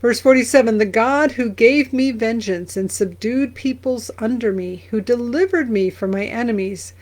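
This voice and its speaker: A woman pastor who reads verses aloud slowly and then explains them in a conversational way. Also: fairly high pitch, darkish tone. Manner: briefly sings lines of an old song. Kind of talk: Bible reading and commentary.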